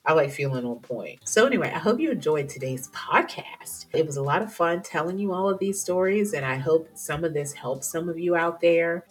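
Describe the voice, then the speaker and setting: A woman's voice: low voice, slightly rough. A woman hosting her own podcast, talking candidly and emotionally about her career, chatty and prone to interrupting herself. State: teary at times. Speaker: podcast host. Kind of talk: personal podcast monologue.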